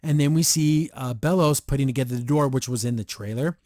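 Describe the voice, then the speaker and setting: A man's voice: medium pitch, fairly quick, no echo. Rambling male podcast host, dry sound. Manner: rambling, filler-heavy, excitable. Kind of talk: casual episode review.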